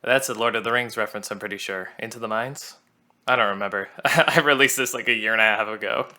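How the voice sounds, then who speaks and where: Bright-voiced man giving casual commentary. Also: lowish voice, fast, soft background music. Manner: chatty, laughs at his own jokes, self-deprecating. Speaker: songwriter commenting on his own musical.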